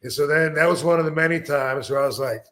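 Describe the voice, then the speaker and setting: Relaxed podcast host with a fairly high voice. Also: male voice, fast. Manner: loose, rambling recollection with fillers and laughs. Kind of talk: casual chat interview.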